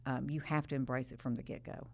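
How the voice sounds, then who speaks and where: A middle-aged woman host with a low voice and a gravelly edge of fry. She tells her stories in a lively way and laughs often. Casual interview talk between two lawyers. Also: fast talker. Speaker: podcast host, trial lawyer.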